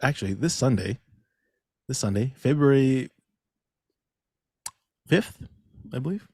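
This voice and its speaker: A man co-hosting a casual comedy podcast, chatting in an animated way and often asking "you know what I mean?". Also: mid-range voice, a little slow, slightly rough, no echo, studio quality.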